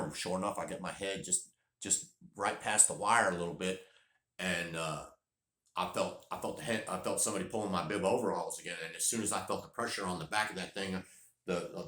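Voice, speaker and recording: A man's voice: deep voice, roomy sound. A man, telling a rambling, folksy story in casual vlog style. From North Carolina. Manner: folksy, rambling, repeats words when excited. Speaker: vlogger.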